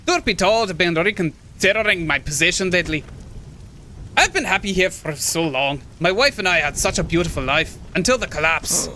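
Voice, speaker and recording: A man reading out an old hermit's lines from a video game in a high, loud voice with a rough attempt at a Scottish accent. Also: lively intonation, moderate pace, slight background noise. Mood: wistful. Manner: reading game dialogue aloud, dramatic. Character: lonely old man, stubborn hermit by the sea.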